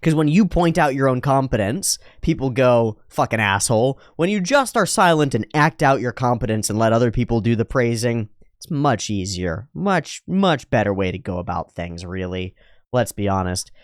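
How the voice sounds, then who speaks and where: A man's voice: medium pitch, expressive, normal speed, no room sound, studio quality. A man reacting to an anime episode in casual, profane commentary, often acting out the characters' lines in mocking voices.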